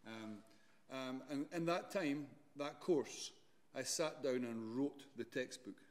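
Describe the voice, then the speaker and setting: A man's voice: mid-range voice, slow, big-room sound. A man, a university lecturer giving a chatty, rambling talk and often correcting himself. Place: lecture hall.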